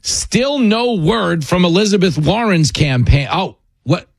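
A male talk-radio host with a gravelly, husky voice that swings lively up and down. He talks in a sarcastic, mocking way on a dry, close mic. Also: high-pitched, a little slow, no room sound.

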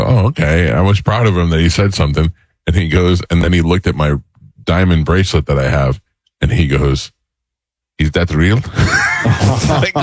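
This is a middle-aged man with a deep, low voice, hosting a talk show. He tells his stories in a casual, animated way and acts out the other people's voices. The sound is close and dry, with no room in it. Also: dry recording. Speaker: radio show host. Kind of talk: casual storytelling chat.

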